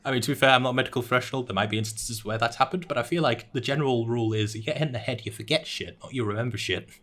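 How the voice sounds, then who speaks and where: A man's voice: mid-range voice, fast, fairly bright tone. A young man co-hosting a casual anime talk show, recapping episodes in a rambling way with lots of "uh" and restarts and laughing at his own jokes. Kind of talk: casual chat.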